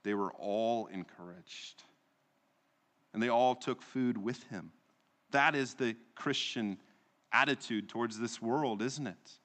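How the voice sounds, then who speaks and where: A man's voice: mid-range voice, slow, fairly bright tone, big-room sound. A man preaching a sermon as pastor, with a rhetorical delivery that rises and falls and often ends points with tag questions.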